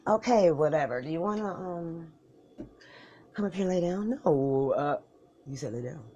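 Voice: mid-range voice, lively intonation, moderate pace, warm tone, breathy edge, lo-fi sound. A performer in a solo comedy skit voicing both sides of a bickering couple, with slangy, profane banter and mumbled asides. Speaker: comedic podcaster.

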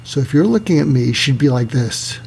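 A man, a psychiatrist, telling a personal story in a talk, acting out the voices of the people in it and slowing down for emphasis. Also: mid-range voice, expressive, creaky, a little mellow, slight background noise. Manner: acts out quoted voices, slows down for emphasis.

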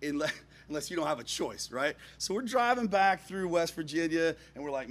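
Expressive man telling a comic story. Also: a little high, moderate pace. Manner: expressive, drops to hushed asides and rises to near-shouts; chuckles through his own story. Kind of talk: comic personal anecdote.

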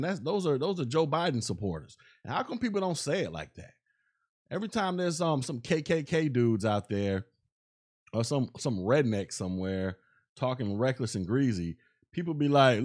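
A man hosting a solo podcast in a casual, rambling rant, often restarting his sentences and tossing in filler phrases. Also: on the high side. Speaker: podcast host. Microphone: podcast microphone.

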